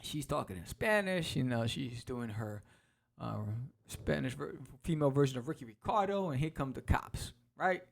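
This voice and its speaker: A man hosting a podcast, walking casually through a comic book and acting out its quotes in quick voices. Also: mid-range voice, expressive, gravelly. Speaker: podcast host.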